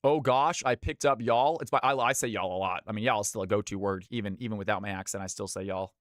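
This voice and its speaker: A man's voice: quick pace, fairly bright tone, no room sound, clean studio sound. A man from Georgia in the US, casting a live game stream with lots of energy and chatting with viewers. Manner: high-energy, hyped.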